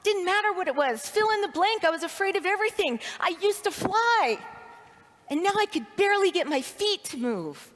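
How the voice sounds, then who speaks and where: High-voiced woman telling a story in a hall. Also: normal speed. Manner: expressive storytelling, acts out her inner voice. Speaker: speaker at a leadership training event. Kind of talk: personal story speech to an audience. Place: large hall with audience. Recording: reverberant hall sound.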